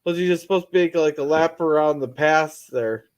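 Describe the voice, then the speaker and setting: Chatty man with a higher voice. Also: moderate pace. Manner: chatty, asks questions. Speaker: panelist. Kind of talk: casual chat.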